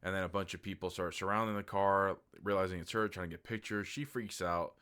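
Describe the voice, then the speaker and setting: A man's voice: sits low, steady tone, a little fast, sharp tone, smooth. A man giving a casual, rambling movie review, candid and loose, with lots of filler words and the odd swear.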